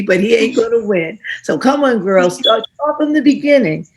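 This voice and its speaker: A woman's voice: on the high side, animated, normal speed, darkish tone, rough recording. A woman moderating an online panel, who encourages speakers in a churchy call-and-response manner over a video call.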